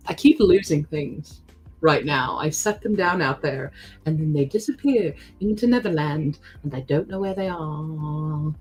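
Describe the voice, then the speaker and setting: A woman chatting casually on a live stream while she works, laughing often and answering chat in quick asides. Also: low voice, darkish tone, faint music behind.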